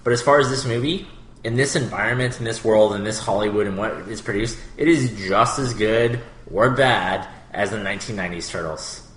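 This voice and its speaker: A man's voice: on the low side, brisk, a bit bright. A man in his thirties co-hosting a podcast in casual chat, rambling with many fillers. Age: 30s. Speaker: podcast co-host. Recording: echoey room with faint noise.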